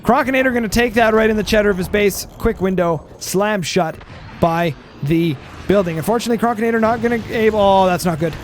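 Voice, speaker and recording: High-voiced young man commentating a game. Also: a little fast, slight background noise. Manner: energetic, rambling, with frequent fillers. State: losing his voice. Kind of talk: gameplay commentary.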